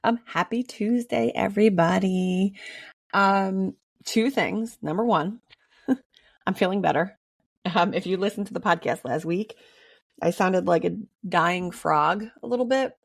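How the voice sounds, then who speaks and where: Slightly raspy, gravelly woman podcaster. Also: mid-range voice, a little slow, no room sound, clean studio sound. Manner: chatty, frequent ums, laughs between thoughts. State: hoarse, recovering from illness. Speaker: podcast host. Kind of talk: casual solo podcast monologue.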